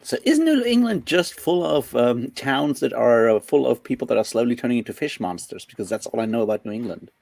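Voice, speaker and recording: A man's voice: medium pitch, very animated, fairly quick, creaky, few pauses, darkish tone. A man from Germany, chatting casually in a hesitant way with many fillers. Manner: hesitant, many ums, laughs often. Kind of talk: casual chat.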